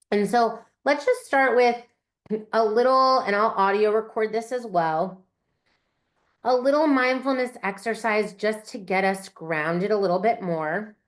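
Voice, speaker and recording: A woman fertility practitioner leading a guided meditation and hypnosis session in a gentle, soothing way. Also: mid-range voice. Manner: gentle, soothing, speaks slowly on breath cues.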